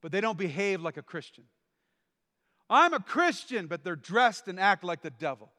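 A man preaching a sermon in a church hall, swinging between quiet explanation and loud, shouted lines. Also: high voice, fairly quick. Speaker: pastor.

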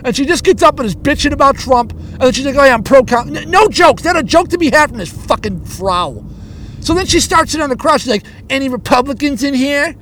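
A man's voice: very high voice, animated, a little fast, a bit bright, a little hiss or hum. A man who does stand-up comedy, telling a story as an angry, profanity-heavy rant that stumbles and repeats itself. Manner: angry, profanity-laden, stammering.

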